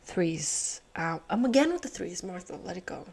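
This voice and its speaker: A woman's voice: on the low side, big pitch swings, normal speed, creaky, darkish tone, breathy edge. A woman hosting a puzzle channel, thinking aloud as she solves, muttering to herself, swearing and laughing often.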